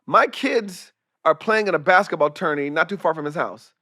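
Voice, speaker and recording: A man with a high-pitched voice tells animated stories in a relaxed podcast conversation. He swears freely and slips into the voices of the people he describes. The sound is dry and close, with no room echo. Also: moderate pace. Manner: profane, acts out voices in his anecdotes. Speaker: guest, comedian and director. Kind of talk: animated storytelling in casual chat.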